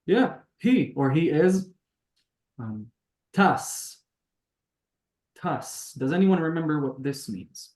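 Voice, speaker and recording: A man leads a beginner language lesson over a video call, taking his time and sounding out each word slowly. His voice sits a little high for a man. A roomy echo hangs around him on the call audio. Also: animated, darkish tone. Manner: patient, explains step by step and sounds out words slowly. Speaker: Hebrew teacher.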